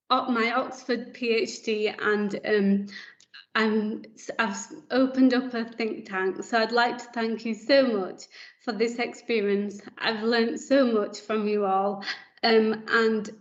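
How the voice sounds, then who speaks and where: A young woman reading a prepared thank-you speech to a council board, tearful and halting. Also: medium pitch. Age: young adult. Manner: tearful, halting, with many fillers. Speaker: young care leaver addressing the board. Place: council meeting room. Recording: slightly muffled livestream audio.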